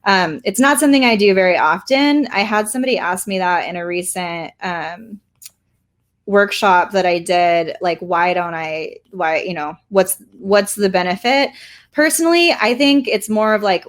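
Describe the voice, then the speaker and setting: A woman artist, giving a casual live painting tutorial in a chatty, rambling way with many fillers. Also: fairly low pitch. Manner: chatty, rambling, self-deprecating, lots of fillers. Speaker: artist teaching a workshop.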